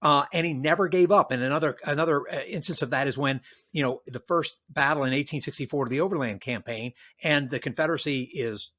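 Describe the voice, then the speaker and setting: This older man from the American South speaks in a slightly raised register and tells history with animated energy. He acts out quoted voices and often restarts his sentences. He sounds like a retired army general being interviewed on a podcast. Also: on the high side, fast talker.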